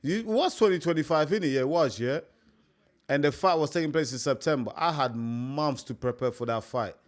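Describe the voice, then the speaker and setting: A young man with a fairly high voice hosts a live stream. He chats casually, rambles and repeats himself, and keeps calling his listeners mate. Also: a little fast. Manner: chatty, repetitive, peppers talk with "mate".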